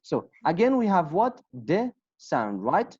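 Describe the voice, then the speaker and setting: A woman with a low voice leads an online English class, speaking slowly and with a lively, rising and falling tone. She repeats words patiently and praises her students. The video call audio sounds dull and lo-fi. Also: breathy edge. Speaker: English teacher.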